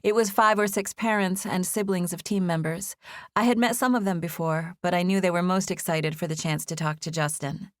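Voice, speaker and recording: A woman narrating a first-person romance audiobook in a gentle, expressive reading. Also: fairly low pitch, brisk, no echo, clean studio sound.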